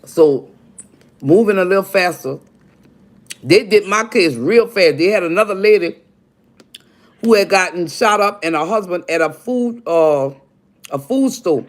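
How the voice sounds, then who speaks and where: A woman's voice: on the low side, expressive, a little slow, long pauses. An older woman hosting a livestream, telling a personal story bluntly and with heavy profanity while speaking straight to her viewers. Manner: blunt, profane, addresses viewers directly as y'all. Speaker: livestream host. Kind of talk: confessional storytelling to a live audience.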